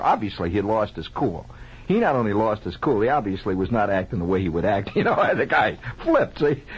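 A man with a husky, higher voice improvises a funny childhood tale on the radio, heard via an old lo-fi broadcast. He's animated and chatty, putting questions to the audience and making sound effects with his mouth.

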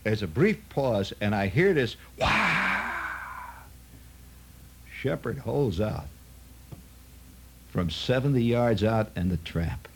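Low husky guy rambling through a story, chatty asides, voice bouncing all over. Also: lively intonation, measured pace, darkish tone. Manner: chatty, full of "see" and "you know" asides. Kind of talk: rambling anecdote.

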